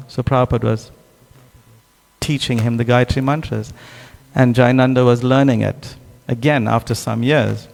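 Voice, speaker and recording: A man's voice: mid-range voice, steady tone, normal speed, creaky, darkish tone. A man giving a devotional scripture class, telling stories with many restarts and asides, recorded with a long hall reverb. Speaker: class speaker.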